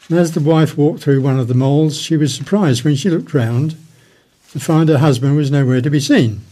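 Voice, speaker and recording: A man telling jokes on a radio show, hesitant and restarting his words at first, then settling into steady storytelling. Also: fairly high pitch.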